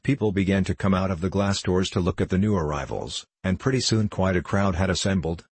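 A man reading a children's storybook aloud in a steady, even voice. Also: low-pitched, fairly quick, husky, no room sound. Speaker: audiobook narrator. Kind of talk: storybook narration.

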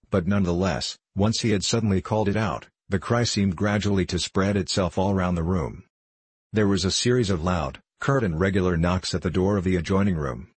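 A man narrating a novel as an audiobook, in measured, even storytelling. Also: low-pitched, husky, no echo. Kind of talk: scripted narration.

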